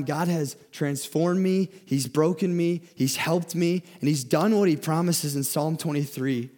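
A young man preaching with an earnest, searching delivery, his voice sitting a little high for a man. He often stumbles over and repeats words before pushing on. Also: darkish tone. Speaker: speaker giving a talk. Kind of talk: sermon.

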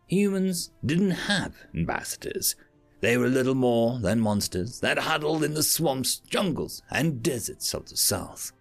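A man narrating sci-fi and fantasy short stories as a podcast reader. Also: mid-range voice. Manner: expressive reading. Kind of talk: audiobook story narration.

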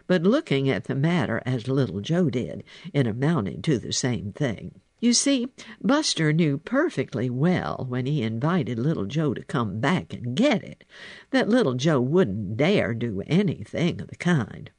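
Man, storybook narrator, slow, gravelly, lively intonation, dry close sound. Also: mid-range voice, no echo. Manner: expressive, animated storytelling. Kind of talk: storybook reading.

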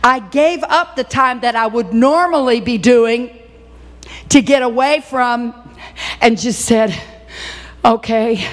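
A woman's voice: a little high, slow, pauses often, big-room sound. An older woman preaching an emotional sermon in a church, breaking into sudden whoops.

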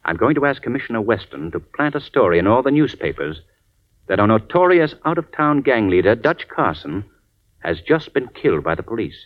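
An actor playing a suave, composed gentleman detective, measured in manner, in 1940s radio acting on a dull old recording. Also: mid-range voice, big pitch swings.

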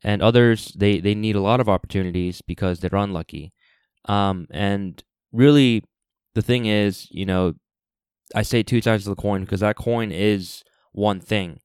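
A man hosting his own podcast, talking unscripted and reflective, halting with restarts and fillers as he thinks aloud. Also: lowish voice, a little mellow, clear, resonant tone, no echo, studio quality. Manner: reflective and earnest. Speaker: podcast host. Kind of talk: unscripted solo podcast monologue.

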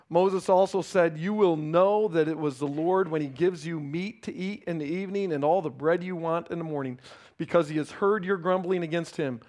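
A man preaching a sermon, reading scripture and acting out complaining voices, then dropping to quiet emphasis. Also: high voice, a little fast. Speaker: pastor.

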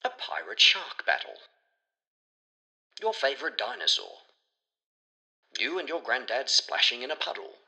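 A man reading a children's picture book aloud in an expressive, playful storytelling manner. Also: medium pitch, a little slow, vocal fry, pauses often. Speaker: storybook reader.

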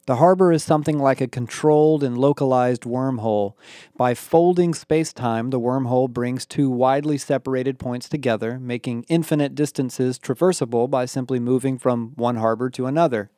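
A man's voice: medium pitch, moderate pace, warm tone, no room sound, clean studio sound, close to an everyday voice. A man voicing a haughty, impatient male alien in an audiobook, sarcastic and superior. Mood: condescending. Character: arrogant condescending male alien.

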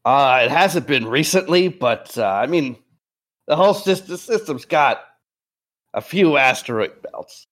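A man running a tabletop game, briefing the players in a relaxed, rambling way while a bit under the weather. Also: mid-range voice, a little slow. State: a bit sick, clearing throat. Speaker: game master. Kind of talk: voicing a military chief in a tabletop game.

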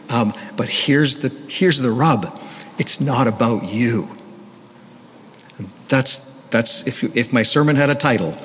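A male pastor preaches in a candid, conversational way, often poking fun at himself, at a mid-range pitch. His voice rings with a long hall reverb over a faint wash of background noise. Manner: candid, self-deprecating, conversational. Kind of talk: sermon. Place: church.

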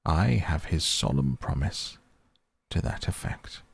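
A man voicing a stern, dignified old male badger who speaks gravely and firmly. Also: very deep voice, animated, dry recording, heavily acted. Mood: solemn. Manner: grave, firm and measured.

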